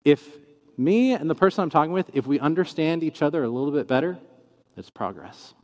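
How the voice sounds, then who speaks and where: A man's voice: on the high side, fairly quick. A man teaching in a casual talk, acting out the questions he quotes. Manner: animated, acts out quoted questions in shifting tones. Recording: long reverb in a large room.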